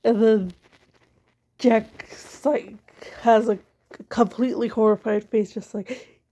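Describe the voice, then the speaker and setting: A woman's voice: on the high side, steady tone, takes it slowly, long pauses, warm tone. A woman casually rambling through her own story ideas, amused at herself. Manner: rambling, self-amused, many fillers. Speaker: amateur story writer.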